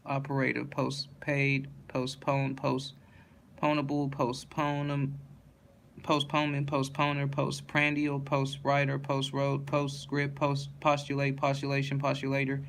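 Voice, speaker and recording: Male reader, flat monotone word list, faint hiss behind. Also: mid-range voice, measured pace, creaky. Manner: flat, monotone listing with self-corrections. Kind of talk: reading a dictionary word list aloud.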